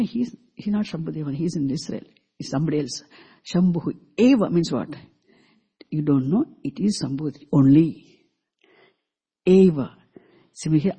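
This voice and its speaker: An unhurried teacher lecturing a scripture class in a mellow, husky voice. Sanskrit terms are repeated slowly and unpacked word by word, with frequent questions put to the students. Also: medium pitch. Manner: asks the class rhetorical questions. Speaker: Vedanta teacher.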